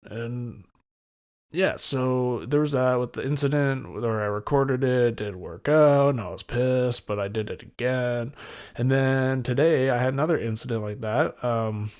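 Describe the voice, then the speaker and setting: A young man hosts his own podcast solo, chatting in a rambling, laid-back way with loose slang. His mid-range voice is a little slow and mellow, clear and resonant.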